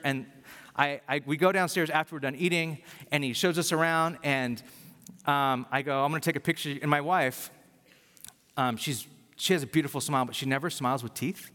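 A man preaching a sermon as a pastor, in a conversational, self-deprecating way with animated storytelling. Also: fairly high pitch, brisk, long reverb tail.

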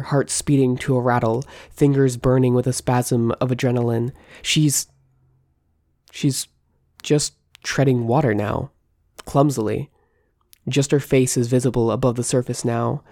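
A woman reading first-person fiction aloud in a tense, measured storytelling manner. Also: very deep voice, mellow, no room sound, studio quality. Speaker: narrator.

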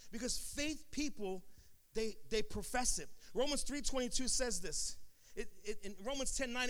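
A man preaching a sermon, telling a story in a calm low voice and then building up to sing-song shouted climaxes. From Sacramento area.

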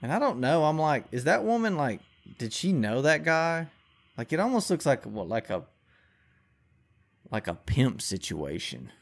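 A man's voice: on the high side, very animated, measured pace. Profane, rambling male podcast host. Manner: profane, rambling, heavy use of filler "like". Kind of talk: casual rant.

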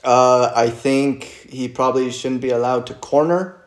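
A man chatting casually with a friend, telling swear-filled stories and getting loud and excited when reacting to a fight. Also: medium pitch, moderate pace. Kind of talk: casual chat while watching fights. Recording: roomy echo.

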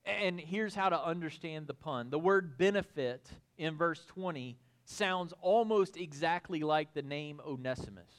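A male pastor preaching an expository sermon, folksy and animated, building to excited emphasis. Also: on the high side, a little slow, few pauses.

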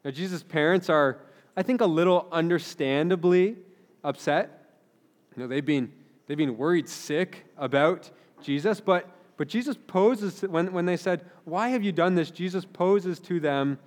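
A man's voice: on the high side, a little slow. A man in his thirties, a pastor giving an earnest, conversational sermon with frequent restarts. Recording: long hall reverb.

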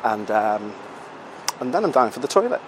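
Out walking on a city street, a British man who hosts a podcast chats casually and pokes fun at himself, slightly out of breath and swearing now and then. His mid-range voice has a sing-song lilt at a moderate pace, with background noise behind him.

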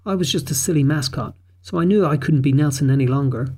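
A man's voice: fairly high pitch, quick pace, warm tone. A man voicing an adult woman park manager who earnestly confesses and explains herself. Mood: earnest confession.

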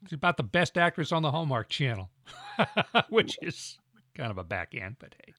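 Middle-aged guy podcasting, wry storyteller, laughs a lot, punchy bright tone, dead dry mic. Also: fairly high pitch, big pitch swings, normal speed, no echo. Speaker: podcast co-host. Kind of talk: casual podcast banter.

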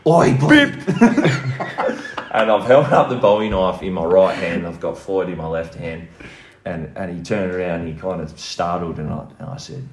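A man's voice: deep voice, fairly even intonation, normal speed, echoey room, slight background noise. An Australian man casually telling a story as a podcast guest, swearing freely and laughing as he goes.

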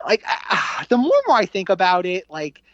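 Animated rambling podcast co-host, dull audio. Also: mid-range voice, normal speed, dry recording. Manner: animated, rambling, filler-heavy, acts out own reactions. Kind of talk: casual film review chat.

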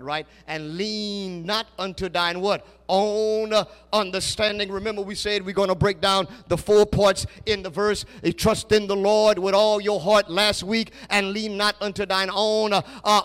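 High-voiced preacher calling and shouting. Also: male voice, clear, resonant tone. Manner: swings from loud shouted calls to low quiet asides. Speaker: pastor. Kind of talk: call-and-response sermon. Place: church sanctuary. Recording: long hall reverb.

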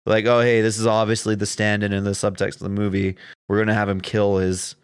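A man's voice: lowish voice, level tone, a little fast, clean tone, no echo, studio quality. A man co-hosting a casual podcast, rambling with fillers and reading film trivia aloud. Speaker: podcast co-host. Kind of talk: casual film-review chat.

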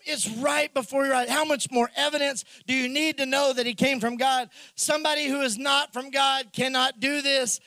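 A man preaching a sermon in an animated way, acting out the characters' lines in the story. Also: very high voice, no echo. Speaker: pastor.

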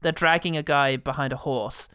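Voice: mid-range voice, steady tone, normal speed, fairly bright tone, slight background noise. A person co-hosting a casual film review chat, laughing often and making wry asides. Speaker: podcast co-host.

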